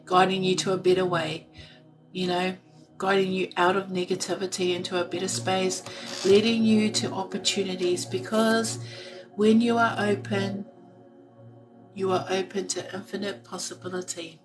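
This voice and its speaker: A woman giving a live intuitive card reading, talking in a soft, slow, meditative way and reading card text aloud. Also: mid-range voice, level tone, distant mic, soft background music, poor audio.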